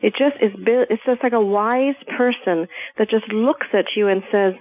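Woman, talk show guest, calm, measured, phone-line sound. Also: mid-range voice, dry recording. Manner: calm, measured, acts out voices playfully. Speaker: guest speaker. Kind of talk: spiritual talk show chat.

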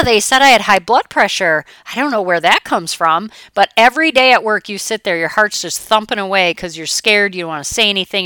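Woman, middle-aged, motivational coach, chatty and animated, bright crisp voice, dry close sound. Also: mid-range voice, dry recording. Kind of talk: motivational talk.

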